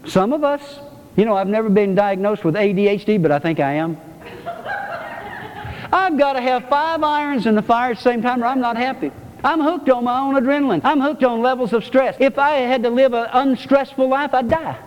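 A man's voice: very high-pitched, brisk, slight background noise. A male pastor preaching a sermon to his congregation, emphatic and repetitive. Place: church. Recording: reverberant church hall.

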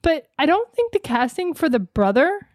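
A woman's voice: sits high, sing-song, moderate pace, no room sound, studio quality. A woman in casual podcast chat, rambling and playful, repeating words as she goes.

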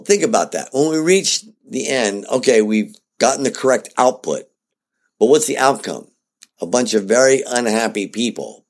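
A man giving a casual spoken lesson on project leadership, talking in a conversational way and checking in with his listeners. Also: lowish voice. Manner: animated and conversational, often checking in with "okay?".

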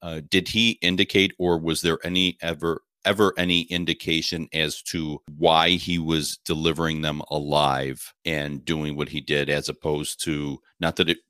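Very deep, bright-toned male interviewer. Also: little pitch movement, moderate pace, hardly any pauses, smooth, no room sound, studio quality. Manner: hesitant, restarts questions. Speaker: interviewer, host. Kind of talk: casual interview chat.

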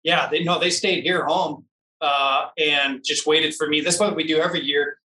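A man telling a long personal story in a casual interview, animated and laughing often. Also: a little high, moderate pace, reverberant, recorded from a distance, poor audio. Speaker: interview guest, off-road racer.

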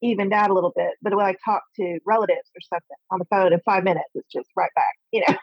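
A woman's voice: mid-range voice, steady tone, quick pace, slightly rough, dry recording, dull audio. A woman author from Texas, a guest on a casual interview, friendly and teasing as she talks. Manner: friendly, teasing, laughs at herself.

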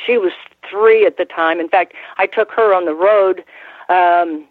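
An older woman, a guest in an interview, telling stories in a rambling, halting way with frequent restarts and laughs. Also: lowish voice, dry recording. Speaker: guest, former ring announcer. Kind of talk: casual interview storytelling. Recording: tinny phone line.

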